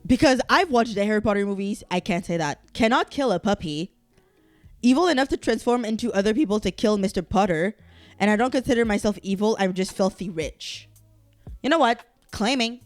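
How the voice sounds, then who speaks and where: A woman's voice: medium pitch, animated, brisk, soft background music. A woman hosting a casual solo podcast, talking animatedly and swearing as she reacts to quiz results. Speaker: podcast host.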